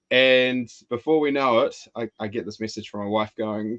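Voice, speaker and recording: A man co-hosts a podcast and tells a story in an easy, chatty way, tripping over a word now and then and restarting. His voice sits at an ordinary middle pitch. The recording sounds a little dull and lo-fi. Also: moderate pace, few pauses. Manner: animated anecdote, repeats words at restarts. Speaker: podcast co-host. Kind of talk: casual storytelling chat.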